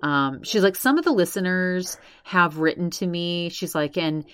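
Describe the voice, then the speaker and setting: A woman's voice: lowish voice, moderate pace, fairly bright tone, smooth, dry recording. A woman podcast host casually recapping another show, constantly quoting with "she's like". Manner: retells others' words with constant "she's like".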